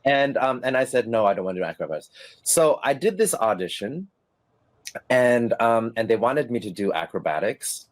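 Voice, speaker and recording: A middle-aged ex-stage performer, medium in pitch and normal in speed, trades stories in an informal interview. Laughing and animated, he acts out the voices of the people he's quoting.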